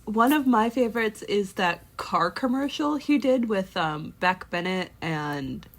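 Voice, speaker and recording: A woman's voice: mid-range voice, animated, measured pace. A woman co-hosting a podcast in casual chat, rambling with many fillers and restarts. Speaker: podcast co-host.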